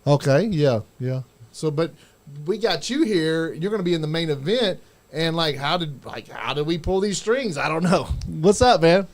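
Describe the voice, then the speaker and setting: An excitable man hosts a casual chat, stammering and repeating himself as he gushes over his guests. His voice sits somewhat high for a man. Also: moderate pace. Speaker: podcast host.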